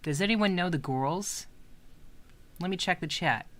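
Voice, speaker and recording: A woman's voice: lowish voice, unhurried. A woman hosting a casual livestream, chatting in a rambling, hesitant way with many restarts. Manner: coos softly when talking to her cat. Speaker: livestream host.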